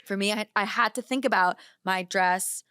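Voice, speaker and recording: A woman chatting as a podcast guest, giving wedding speech tips in a loose, filler-heavy, animated way. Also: medium pitch, clean tone, dry recording, clean studio sound. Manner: chatty, quick asides, many fillers. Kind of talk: casual chat. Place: studio.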